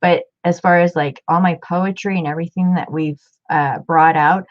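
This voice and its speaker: A woman's voice: lowish voice, steady tone, moderate pace, lo-fi sound. A woman chatting casually on a live stream as she shows off her book collection, rambling and greeting viewers by name.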